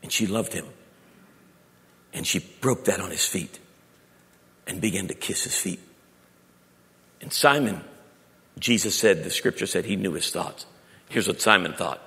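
A middle-aged preacher with a low voice delivers a storytelling sermon. He swings from loud emphasis to near-whispered confession. The long reverb of a large hall trails after his words. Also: measured pace, vocal fry, long pauses. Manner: storytelling preacher, shifting between loud emphasis and quiet intimate tones. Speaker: pastor. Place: church sanctuary.

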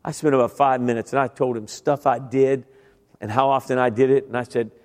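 A man's voice: mid-range voice, steady tone, a little fast, a little mellow. Middle-aged preacher telling his testimony in a hall. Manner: conversational storytelling, speaks directly to the congregation. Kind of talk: sermon with personal testimony. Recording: long reverb of a large hall.

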